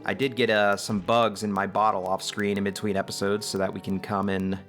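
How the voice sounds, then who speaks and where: A man's voice: lowish voice, flat delivery, fairly quick, a bit bright, faint music behind. A man giving casual, upbeat gameplay commentary as host of a let's play, chatty and self-deprecating.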